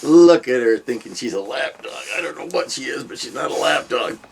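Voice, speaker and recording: A man's voice: mid-range voice, animated, fairly quick, gravelly, breathy edge. An older man hosting a comic book review vlog, chatting in a loose, rambling way with many ums and trailing asides. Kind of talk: casual vlog chat.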